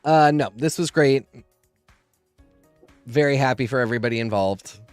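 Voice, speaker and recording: A man co-hosting a podcast in casual chat, dropping dry, quick wisecracks. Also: medium pitch, clear, resonant tone, no echo, faint music behind. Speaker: podcast co-host.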